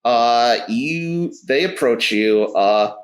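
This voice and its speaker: A man running a tabletop game, narrating casually and haltingly with many fillers. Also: mid-range voice, expressive, low-quality recording. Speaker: game master.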